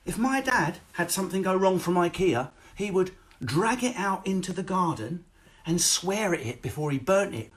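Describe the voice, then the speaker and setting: Brash male stand-up, quick and sweary, animated storyteller, streaming from home on a webcam. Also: high-pitched. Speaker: stand-up comedian. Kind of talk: live-streamed stand-up set. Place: home, indoors. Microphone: phone or webcam.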